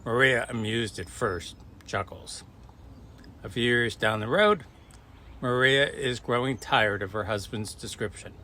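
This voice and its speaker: A man telling jokes as short stories, acting out the characters' lines in a lively way. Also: mid-range voice, measured pace. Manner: animated, acts out the quoted voices. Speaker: joke teller. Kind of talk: storytelling jokes.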